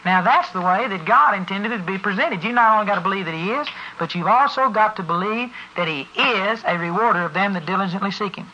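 Emphatic preacher, bright sharp tone. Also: mid-range voice, expressive, fast, hardly any pauses. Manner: emphatic, spells words out for stress. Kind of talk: sermon. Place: church service before a congregation. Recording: dull lo-fi recording.

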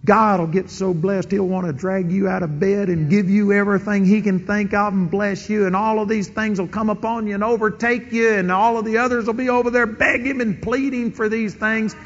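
A middle-aged man preaching a sermon, telling stories and acting out prayers in an animated way. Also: sits high, moderate pace, in a large hall, dull audio. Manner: animated storytelling with quoted prayers and chuckles.

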